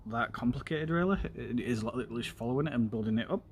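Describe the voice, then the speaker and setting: A man's voice: medium pitch, fast talker, slight background noise. A man casually talking viewers through a paracord weave while working, rambling with lots of ums and side chat about games. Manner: rambling, filler-heavy, talks while working with his hands. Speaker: streamer. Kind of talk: casual craft tutorial chat.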